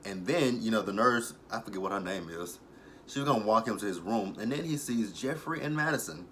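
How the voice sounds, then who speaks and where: A young adult man giving a casual, profane recap of a TV episode. He tells it as an animated story and breaks into laughter often. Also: lowish voice, a little fast, a little hiss or hum. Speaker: TV episode reviewer.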